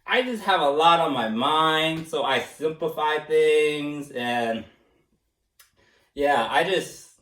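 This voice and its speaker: A man being interviewed, speaking casually, animated and self-mocking, laughing often and slipping into impressions. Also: on the high side, slow pace. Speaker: interviewee, former student. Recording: echoey room, mic at a distance.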